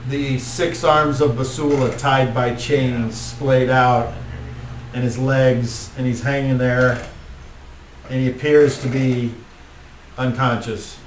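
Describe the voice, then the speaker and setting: A man narrating a tabletop game as game master, casual and rambling with lots of filler words. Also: medium pitch. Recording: roomy, distant mic, faint noise.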